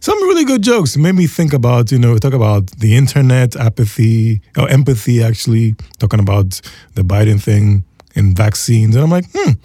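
Young man, animated pitch, mellow tone, dry close mic. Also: normal speed, breathy edge, dry recording. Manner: excitable, laughs often, animated. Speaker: podcast co-host. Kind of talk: casual chat.

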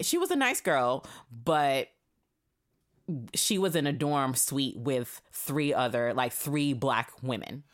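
A woman in her thirties with an unusually deep, low voice, chatting as a guest on a podcast. She tells her stories loosely and candidly, full of slang, swearing and fillers like "um" and "like". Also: clean tone. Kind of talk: casual chat, storytelling.

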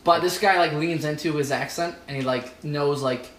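A man's voice: fairly high pitch, moderate pace, reverberant, noisy background. A young man co-hosting a podcast, speaking hesitantly in casual chat with many fillers. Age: young adult. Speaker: podcast co-host.

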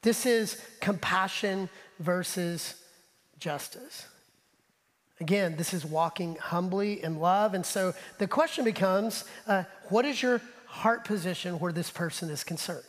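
Male pastor, high voice, animated sermon delivery, long hall reverb behind him. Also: measured pace. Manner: animated preaching, drops to soft asides; talks straight to the congregation. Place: church sanctuary.

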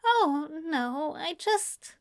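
Casting: woman voicing a prim office man, flustered, voice jumping high, dry. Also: very animated, drawn-out words, dry recording, full character voice.

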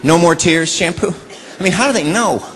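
A middle-aged man performing stand-up comedy on a stage, animated and slipping into put-on voices. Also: high voice, fairly quick, in a large hall. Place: theater stage before a live audience. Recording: live show with loud crowd noise. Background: audience laughing.

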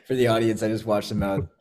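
A man's voice: lowish voice, a little mellow. Rambling, foul-mouthed male podcast host. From Canada. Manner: swears a lot, rambling with many "like" fillers. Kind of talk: casual podcast chat.

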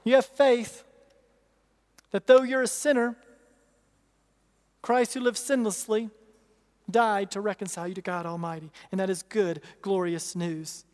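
In a large church hall with long reverb, a pastor with a strikingly high, darkish voice preaches an emphatic sermon. He repeats key phrases and asks rhetorical questions, his intonation fairly even, his pace a little slow, with frequent pauses.

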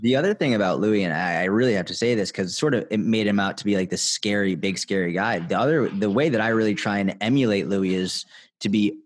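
A young man telling a story as a podcast guest in casual chat, animated and full of "like" fillers. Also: on the low side, quick pace, no echo.

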